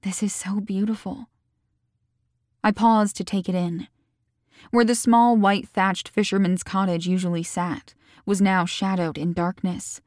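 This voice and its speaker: A woman reading her own novel aloud in a calm, measured first-person audiobook narration. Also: mid-range voice, no echo, studio quality.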